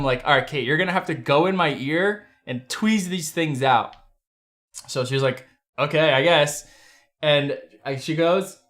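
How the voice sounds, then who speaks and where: A young adult man hosting a casual livestream from his desk, telling a story in an animated, profane way. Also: on the high side. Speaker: livestream host. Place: home desk.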